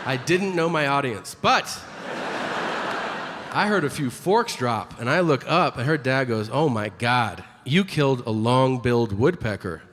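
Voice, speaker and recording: A man's voice: mid-range voice, a bit bright, a little hiss or hum. A man performing a brash, profane stand-up comedy set on stage, telling stories and acting out the people in them. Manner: brash, profane storytelling with acted-out quotes. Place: theater stage before a live audience. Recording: live hall with long reverb, crowd laughter. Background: audience laughter and applause.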